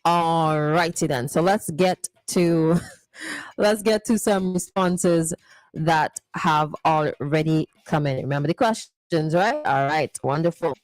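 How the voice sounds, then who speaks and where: A woman's voice: sits low, slow, no room sound. A woman hosting a morning radio show, playfully reading listener messages and teasing them. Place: radio studio.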